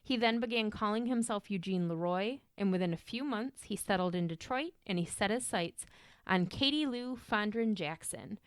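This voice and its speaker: A woman's voice: mid-range voice, animated, moderate pace, clear, resonant tone, no room sound, studio quality. A young adult woman hosting a podcast, telling a true crime story in a casual, chatty way, swearing and wandering off on tangents. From Michigan. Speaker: podcast host.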